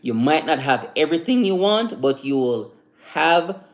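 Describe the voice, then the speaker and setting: A man hosting a live stream, giving a casual motivational talk that rambles and repeats, full of "you know" fillers. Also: fairly high pitch. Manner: recites slow calm affirmations.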